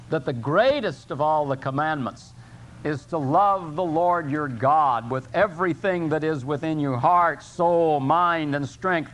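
An older man preaching a sermon as pastor, earnest, slowing and rising in pitch to stress scripture. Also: fairly bright tone, a little hiss or hum. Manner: earnest preaching, rising for emphasis, slow drawn-out scripture quotes.

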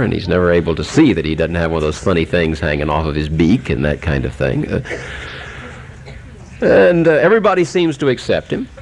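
A male preacher telling a humorous animal story in a folksy, unhurried sermon, with many pauses and fillers. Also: low-pitched, vocal fry.

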